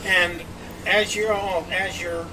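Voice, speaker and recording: A man's voice: high-pitched, slow pace. A man narrating scenes as game master of a tabletop game, recorded outdoors. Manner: lively descriptive narration. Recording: distant mic, background noise outdoors.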